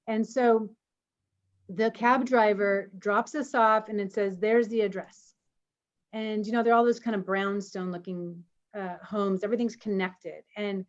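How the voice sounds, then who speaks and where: A woman co-hosting an online meeting, telling a personal story in an animated way and laughing as she goes. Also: mid-range voice. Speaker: co-host of an online community meeting. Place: home, on a video call. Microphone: video call. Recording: slightly dull video call audio.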